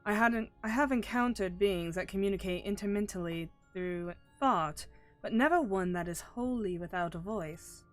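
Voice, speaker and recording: A woman's voice: mid-range voice, normal speed, soft background music, close to an everyday voice. A woman voicing a formal, long-winded alien ether being, reading its game lines in a stiff, pedantic manner. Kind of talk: reading game dialogue aloud in a put-on voice.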